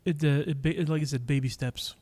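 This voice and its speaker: A man's voice: fairly high pitch, steady tone, a little fast, darkish tone. A man hosting a live stream in casual chat, rambling with lots of fillers and teasing his viewers, talking into a microphone in a cigar lounge. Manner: rambling, chatty, many fillers and restarts.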